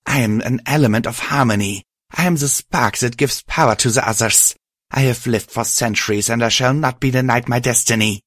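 A man voicing an evil ancient female alicorn spirit, shouting in a pompous, furious way. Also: mid-range voice, fairly quick, dry recording, studio quality, voice pushed up, lightly acted. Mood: grandiose.

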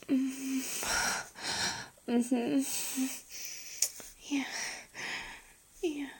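Woman, Scouse accent, whispered role-play, gravelly fry, fairly high voice, playful and intimate. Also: steady tone, drawn-out words, pauses often, slight background noise. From England. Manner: intimate, playful, with frequent soft laughs and murmurs. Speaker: audio role-play performer.

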